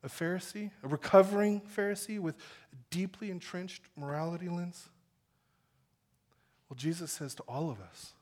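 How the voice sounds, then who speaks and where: A man preaching a sermon from the pulpit. His voice sits high for a man. He preaches with feeling, rising to loud urgent calls and then dropping to quiet, earnest tones. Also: normal speed. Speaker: pastor.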